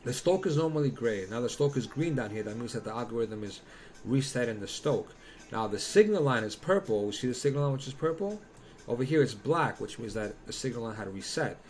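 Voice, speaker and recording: A man's voice: mid-range voice, lively intonation, brisk, a little mellow. A man doing casual crypto chart analysis, blunt and profane, who slips into heated rants. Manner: blunt, swearing, ranting.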